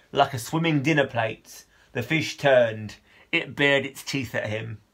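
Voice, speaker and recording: A man, a teacher, reading a children's novel aloud with expressive storytelling. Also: mid-range voice.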